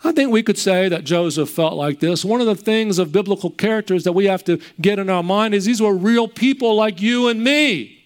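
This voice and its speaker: A male preacher delivers a sermon in a notably high, smooth and clear voice. He works through repeated rhetorical questions and retells the story vividly. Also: a little fast.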